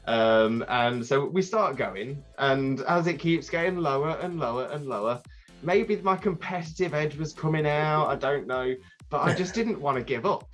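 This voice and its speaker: A man, a podcast guest telling a rambling, animated story with many restarts. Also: fairly high pitch, normal speed, soft background music. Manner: animated, acts out crowd voices. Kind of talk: casual storytelling.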